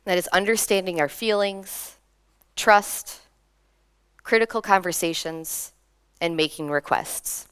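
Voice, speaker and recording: Lively young woman giving a conference talk. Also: lowish voice, slow pace, long pauses, clean tone. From Minnesota, US. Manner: lively, laughs between points, engages audience. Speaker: conference speaker. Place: conference hall.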